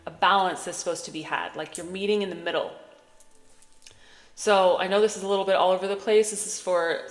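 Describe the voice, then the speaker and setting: A woman giving spiritual guidance in a casual, earnest, reassuring way, talking straight to her listeners. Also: fairly low pitch. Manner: earnest, conversational, reassuring, with fillers and asides. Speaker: spiritual channeler. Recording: echoey room with long reverb.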